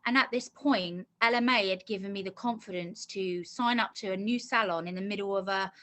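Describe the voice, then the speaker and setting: Bright-voiced earnest woman telling her story. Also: mid-range voice, a little fast. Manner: earnest, talkative storytelling with many restarts. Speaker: course graduate being interviewed. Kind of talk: casual interview.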